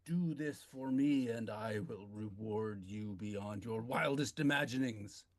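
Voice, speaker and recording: A man's voice: lowish voice, takes it slowly, voice pushed down. A man voicing an exhausted noble lord who pleads and commands in a tabletop game. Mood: pleading.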